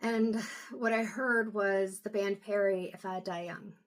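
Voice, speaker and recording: A woman doing an intuitive reading, talking to camera in a soft, halting way with many pauses and low energy. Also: fairly even intonation. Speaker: intuitive reader. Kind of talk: casual talk to camera.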